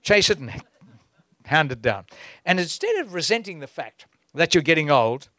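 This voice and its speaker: A man's voice: fairly high pitch, big pitch swings, moderate pace, bright, forceful tone, dry recording. A man preaching a sermon in an exhorting way, breaking into chuckles.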